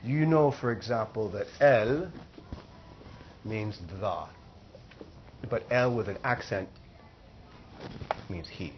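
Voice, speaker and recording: A man teaching a Spanish class, explaining slowly and repeating phrases for the students. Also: on the low side, lo-fi sound, slight background noise. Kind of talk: classroom lesson.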